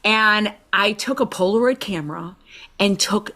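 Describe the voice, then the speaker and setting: Chicago woman telling lively stories. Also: medium pitch, unhurried. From Chicago, USA. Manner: animated, acts out quoted dialogue, frequent "like". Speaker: interview guest. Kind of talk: conversational storytelling.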